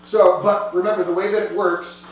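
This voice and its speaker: Rambling game master in an echoey room. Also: male voice, high voice, flat delivery, normal speed. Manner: rambling, filler-heavy, restarts often. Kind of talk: narrating a tabletop game. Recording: echoey room, distant mic, faint hum.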